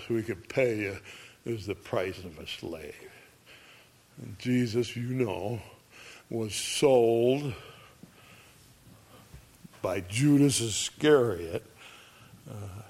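A man preaching a sermon, reading scripture and acting out the people in the story with emphasis. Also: mid-range voice. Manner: slow, emphatic, acts out quoted voices.

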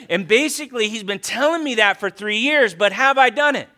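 A man's voice: high-pitched, lively intonation, normal speed, bright, forceful tone. A male pastor preaching a sermon in a conversational way, repeating phrases for emphasis.

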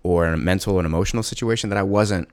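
A man, a parent of a young child, talking through a personal monologue in a halting, emotional way with many fillers and restarts. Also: sits low, darkish tone, dry recording.

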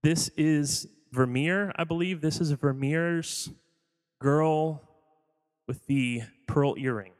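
Guy pastor giving a sermon, kinda high voice, chatty and jokey, long echo like a big church hall. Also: slow, a little mellow. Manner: conversational, jokey, quizzes the audience.

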